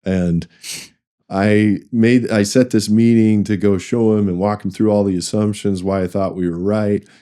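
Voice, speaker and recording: Steady and warm, this middle-aged man's fairly low voice moves at a moderate pace. He's a finance executive sharing career anecdotes in a conversational interview, wandering with restarts and performing the dialogue he quotes.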